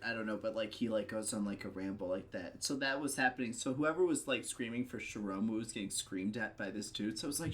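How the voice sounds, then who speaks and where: A man's voice: on the low side, fast talker, hardly any pauses, fairly bright tone. A man in a casual podcast chat, telling a rambling story full of filler words.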